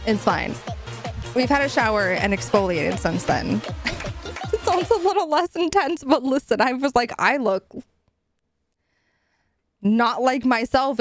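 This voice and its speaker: Giggly, animated young woman streamer. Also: on the high side. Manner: giggly, swears a lot, animated and chatty. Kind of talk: casual chat with chat. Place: home room.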